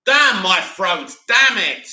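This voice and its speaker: High-pitched, animated live stream host. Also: male voice. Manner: animated, opinionated, rambling. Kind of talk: casual live chat reading. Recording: roomy echo.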